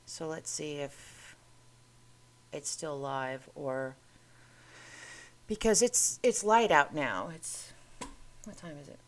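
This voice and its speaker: A woman's voice: low-pitched, lively intonation, slow, pauses often, a little hiss or hum. A woman hosting a casual talk show, chatty and rambling as she goes through curiosities on her screen. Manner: chatty, rambling, self-interrupting. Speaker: host.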